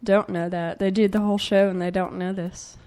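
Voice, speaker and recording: A woman co-hosting a casual chat, congested, teasing with quick retorts. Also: medium pitch, little pitch movement, mellow. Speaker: co-host.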